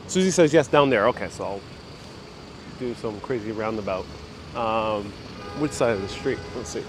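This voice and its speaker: Walking a city street with his phone, this travel vlogger hosts a casual live stream, thinking aloud and going through viewer comments. His voice is on the low side at a normal speed, with traffic and outdoor street noise behind it.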